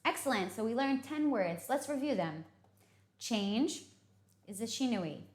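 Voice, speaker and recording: A woman's voice: a little high, expressive, measured pace. Woman, English teacher, patient explaining, reverberant room. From United States. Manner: clear, patient explaining with frequent "okay?" checks. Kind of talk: vocabulary lesson. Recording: echoey room.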